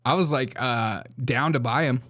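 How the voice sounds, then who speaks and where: A man's voice: mid-range voice, moderate pace, a bit bright. A young man hosting a casual political comedy show, chatty and mocking, laughing often. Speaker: host.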